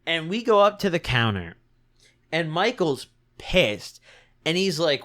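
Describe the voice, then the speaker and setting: A young man telling a storytime vlog in an animated, slangy and profane manner. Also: on the high side, unhurried. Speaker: vlogger.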